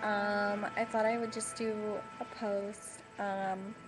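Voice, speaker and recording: A woman's voice: medium pitch, little pitch movement, slow pace, loud music behind the voice, poor audio. A young woman, chatting and rambling to her laptop at home, full of ums. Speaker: vlogger. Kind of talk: casual chat to camera. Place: home room with TV on. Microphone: laptop webcam mic. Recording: home laptop recording with TV noise. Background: television playing.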